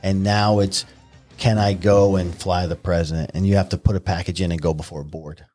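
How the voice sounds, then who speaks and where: A middle-aged man from New York, a podcast guest, telling stories in a vivid, animated way. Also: low voice, a little fast, faint music behind. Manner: vivid, animated retelling with acted-out quotes. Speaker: guest, retired Marine helicopter pilot. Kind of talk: conversational storytelling.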